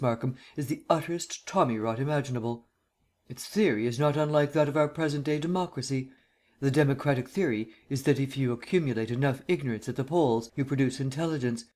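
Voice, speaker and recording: A man voicing a languid, witty dilettante gentleman who speaks in an unemotional drawl. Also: medium pitch, natural voice.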